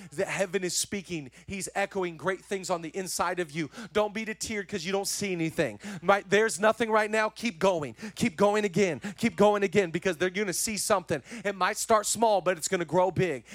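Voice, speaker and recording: A man preaching a sermon as pastor, energetic and repetitive in his urging, with chatty joking asides. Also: high voice, no echo.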